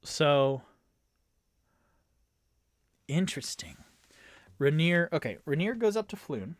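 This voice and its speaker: Running a solo tabletop actual-play, a man serves as both game master and player, rambling through lots of fillers and bursting into dread-filled groans. His voice is fairly high and sing-song, slow-paced, with no echo.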